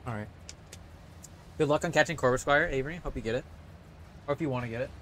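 A man's voice: medium pitch, fast talker, noisy background. Rambling, swearing young male streamer. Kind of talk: casual gaming stream commentary.

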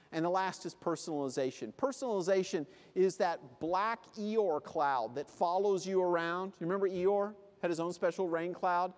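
A man giving a comic motivational conference talk, acting out little scenes with funny voices. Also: high-pitched. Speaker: keynote speaker. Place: convention hall. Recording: live hall reverb.

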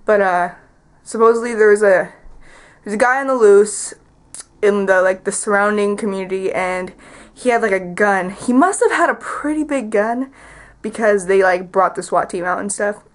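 A teenage girl vlogs casually from her bedroom, chatty and rambling, filling her talk with "like." Her voice is medium-pitched at a moderate pace, and the recording is rough.

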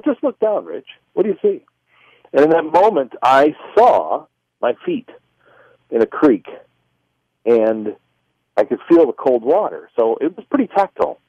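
A male author and filmmaker, a guest on a radio interview, telling a personal story with lively delivery and acting out both sides of remembered conversations. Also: mid-range voice, dry recording. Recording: muffled, lo-fi radio phone-in line.

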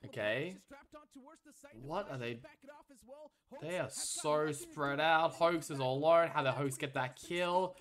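A man streaming himself watching an esports match, commenting live and swinging into loud, exasperated rants, swearing when frustrated. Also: on the high side, takes it slowly, long pauses.

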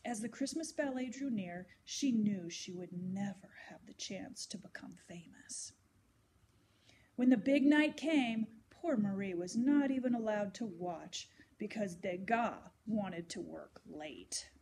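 A woman reading a children's story aloud, gentle and expressive. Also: medium pitch, measured pace, husky.

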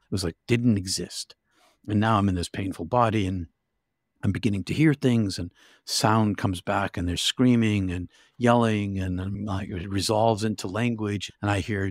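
Guy with a low voice telling a vivid story, restarts a lot, dry mic. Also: fairly even intonation, normal speed, no echo. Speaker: guest. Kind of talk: personal storytelling.

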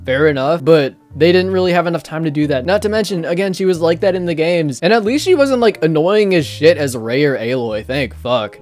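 A man's voice: on the high side, lively intonation, a little fast, hardly any pauses, a little mellow, soft background music. A man hosting a reaction video, ranting in an exasperated, heavily profane way while playing a video game. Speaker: channel host reacting to a clip. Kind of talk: reaction commentary.

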